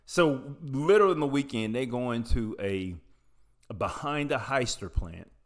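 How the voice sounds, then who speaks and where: A man's voice: mid-range voice, expressive, normal speed. A young adult man from Appalachia telling a personal story in a casual, rambling, profane way, with frequent tangents.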